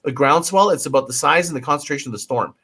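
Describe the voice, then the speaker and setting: A man with a fairly high voice speaks as an interview guest coaching on marketing. He is emphatic and almost pleading. He cuts himself off and restarts, and he drops the occasional swear word for force. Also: quick pace, sharp tone, slightly rough. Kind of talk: casual livestream interview.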